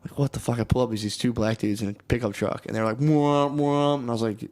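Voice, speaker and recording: A man's voice: fairly low pitch, flat delivery, very fast, a little mellow. A man telling stories in a casual podcast chat, loose and profane, with lots of "dude" and "like". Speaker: podcast co-host.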